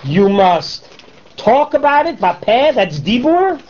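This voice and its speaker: A man's voice: very high-pitched, big pitch swings, slow pace, darkish tone. A man teaching a Torah class, switching between English and Hebrew terms and posing rhetorical questions to his students. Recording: dull lo-fi classroom recording.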